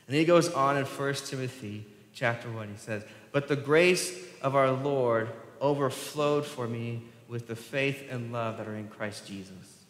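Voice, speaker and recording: A man's voice: medium pitch, moderate pace, a bit bright. A man preaching a sermon as pastor, talking conversationally, asking the congregation questions and laughing often. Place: church sanctuary. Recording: roomy hall reverb.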